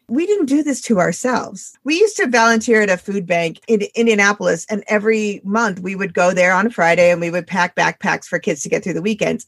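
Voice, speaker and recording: Gravelly, passionate woman chatting about a book. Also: mid-range voice, no echo, clean studio sound. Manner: passionate, animated, sarcastic asides. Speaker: podcast co-host. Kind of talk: casual book discussion.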